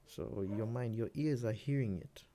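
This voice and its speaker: A man producing music, walking through his own beat in a relaxed, rambling way, with many fillers and restarts. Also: mid-range voice, normal speed, background noise. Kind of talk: casual screen-recorded tutorial.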